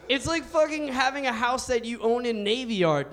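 A young man doing a stand-up comedy set on a club stage into a handheld mic, with a loose, laid-back delivery and drawn-out punchlines. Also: very high-pitched, expressive, fairly bright tone. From United States.

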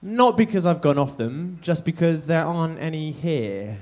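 A man's voice: fairly high pitch, animated, normal speed, a little mellow. A man from England with an English accent doing a stand-up comedy set, talking in a punchy, self-deprecating, conversational way.

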